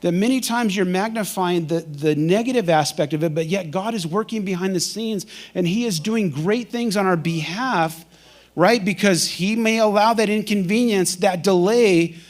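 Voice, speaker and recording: A male pastor preaching a sermon in a church, telling a story with lively acted-out quotes. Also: high-pitched, moderate pace. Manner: animated storytelling, acting out quoted voices.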